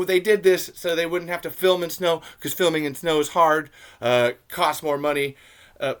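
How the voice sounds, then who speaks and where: A man's voice: a little high, normal speed, a bit bright, clear, resonant tone. A young man hosting a casual movie commentary podcast, ranting with sarcastic, profane asides. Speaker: podcast host.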